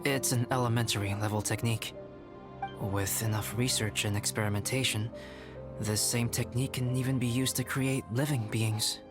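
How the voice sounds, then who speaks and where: A man voicing a calm, polite young alchemist in a video game, soft-spoken and measured. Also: mid-range voice, over music, lightly acted. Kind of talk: game voice acting.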